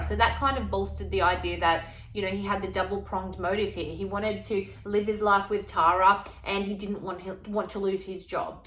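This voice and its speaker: A woman with a mid-range, slightly bright voice narrates a true crime case casually in an echoey room. She's chatty and retells the exchanges in plain conversational speech.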